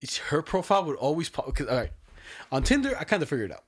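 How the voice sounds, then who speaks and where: A young man chats casually and laughs often, telling loose, laid-back stories packed with slang. His voice is fairly high and fast, with huge swings in pitch.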